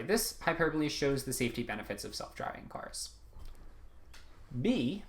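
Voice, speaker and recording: A man's voice: fairly high pitch, a bit bright. Casual young male test prep tutor. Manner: casual, many ums and rights, restarts mid-sentence. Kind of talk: recorded online lesson.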